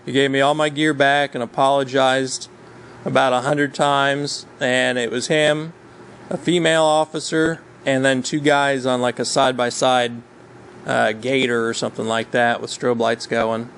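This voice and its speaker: Guy telling a hunting story, lots of ums, kinda punchy bright voice. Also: mid-range voice, little pitch movement, normal speed, slight background noise, poor audio. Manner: rambling, with many ums and uhs. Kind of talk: casual storytelling chat.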